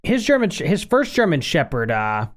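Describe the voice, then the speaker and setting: This podcast co-host speaks in a fairly high male voice at a moderate pace. His casual chat is lively and talkative, and he acts out little quotes as he tells his stories.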